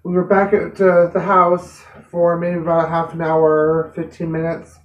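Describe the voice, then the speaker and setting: A woman's voice: fairly low pitch, monotone, normal speed, dull audio. A woman vlogger telling a personal story to camera in an earnest, plain-spoken way. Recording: roomy, distant mic.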